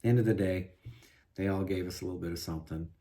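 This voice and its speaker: Fast and low with a warm tone, a guitar vlogger vents in a rambling, frustrated stream, repeatedly restarting, drifting into asides, and leaning on "you know".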